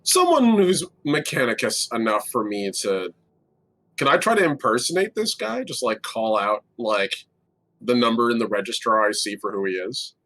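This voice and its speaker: Bright, animated male player. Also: medium pitch, normal speed. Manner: animated, rambling, laughs often. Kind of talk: casual tabletop play.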